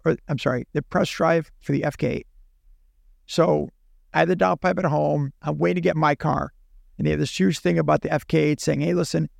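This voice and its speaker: A man's voice: a little high, creaky, no echo, studio quality. A man, a podcast guest, telling a long anecdote in casual chat and acting out both sides of the dialogue. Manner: animated, acts out dialogue in his own voice. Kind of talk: casual storytelling.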